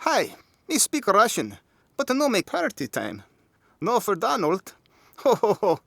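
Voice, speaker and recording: A man voicing a stern woman who speaks broken English and laughs loudly. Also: sits high, huge pitch swings, unhurried, creaky, no echo, voice pushed up, heavily acted. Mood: scolding.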